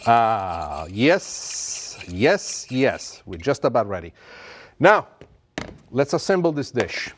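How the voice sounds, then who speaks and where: A man's voice: mid-range voice, big pitch swings, slow pace. A middle-aged man hosting a cooking show, talking the viewer through a dish in a theatrical, self-amused way and drawing out his words. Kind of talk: cooking demonstration to camera.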